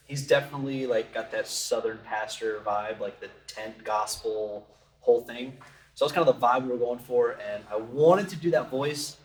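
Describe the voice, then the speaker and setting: A man who plays tabletop games, explaining things in a relaxed, rambling casual chat. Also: mid-range voice, moderate pace. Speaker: tabletop game player. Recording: roomy and distant from mic.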